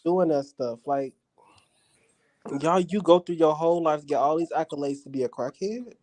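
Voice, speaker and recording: A woman's voice: deep voice, normal speed, background noise. A woman co-hosting a live stream in casual chat, telling stories, acting out what others said, and laughing easily. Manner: storytelling, acts out others' voices, laughs easily. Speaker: stream co-host.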